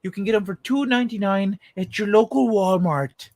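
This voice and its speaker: A man's voice: high-pitched, normal speed, heavy background noise, pitched above the performer's own voice. A man putting on a put-on Irish accent, voicing a jolly stoned man in a hammy, sing-song way.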